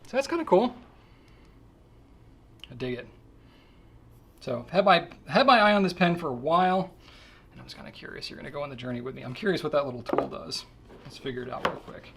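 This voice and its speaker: Chatty man with a gravelly edge. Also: a little high, animated, a little fast, long pauses, a bit bright, slight background noise. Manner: chatty and easygoing, thinking aloud while handling a pen. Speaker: host of a pen shop Q&A show. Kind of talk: casual chat.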